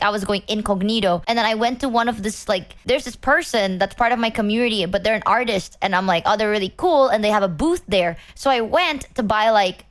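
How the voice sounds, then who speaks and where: A young woman streamer in casual chat, her voice sitting a bit high. She tells stories in an animated way, full of fillers and asides. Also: smooth. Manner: animated storytelling with lots of fillers. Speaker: VTuber streamer.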